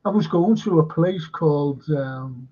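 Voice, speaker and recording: Man, fan stream host, rambling casual chat, husky and gravelly, dull lo-fi audio. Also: fairly high pitch, measured pace, warm tone. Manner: rambling, reads viewer comments aloud.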